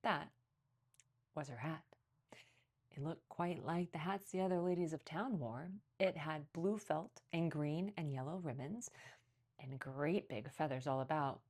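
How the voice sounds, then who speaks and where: A woman reading a picture book aloud as a children's librarian, telling the story expressively. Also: measured pace. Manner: expressive storytelling, lively pitch.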